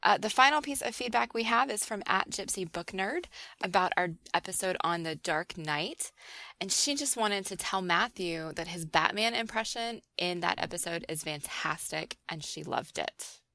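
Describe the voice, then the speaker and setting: Female co-host, bright tone, animated and emphatic, dry close-miked sound. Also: fairly low pitch, normal speed, creaky, dry recording. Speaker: podcast co-host. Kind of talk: casual chat and show announcements.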